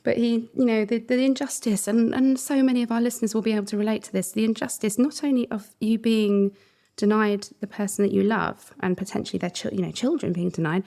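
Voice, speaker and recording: A middle-aged woman co-hosting a podcast, talking in an earnest, conversational way and laughing softly between thoughts. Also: on the high side, fairly even intonation, a little fast, creaky. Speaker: podcast co-host. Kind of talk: reflective podcast chat.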